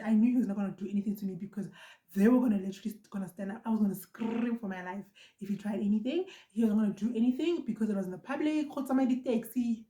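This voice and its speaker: A young South African woman vlogger telling a storytime in an animated, emphatic way, repeating lines for effect. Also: a little high. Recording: echoey room.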